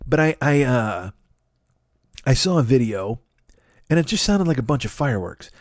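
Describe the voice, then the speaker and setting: A man's voice: mid-range voice, moderate pace, no room sound. A man in his forties riffs through a comedic monologue, profane and full of tangents. His voice sits in the middle range. The sound is dry and close to the mic, with no room around it. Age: 40s. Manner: profane, rambling, animated asides. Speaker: podcast host.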